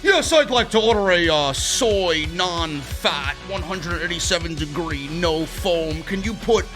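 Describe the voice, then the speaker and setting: A man voicing a fussy, mocking hipster who orders a fancy coffee in a squealing, prissy, drawn-out way. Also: fairly high pitch, lively intonation, music in the background, voice pushed down.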